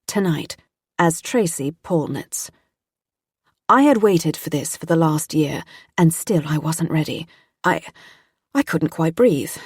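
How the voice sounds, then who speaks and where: A woman reading a mystery audiobook in a tense, steady first-person narration. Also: low-pitched, husky, dry recording, clean studio sound.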